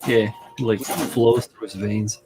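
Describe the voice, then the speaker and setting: A man's voice: fairly low pitch, steady tone, takes it slowly, over music, low-quality recording. A man hosting a model-building livestream, chatting dryly and sarcastically and muttering to himself as he works. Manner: dry, sarcastic, mutters while working. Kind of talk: casual chat.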